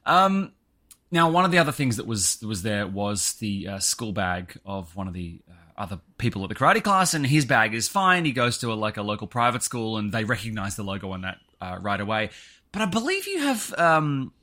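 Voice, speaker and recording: A man tells a story in casual podcast chat, his voice bright and forceful. He is animated, jumping up in pitch when he voices other people, and his pitch sits a little low. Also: brisk. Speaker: podcast co-host.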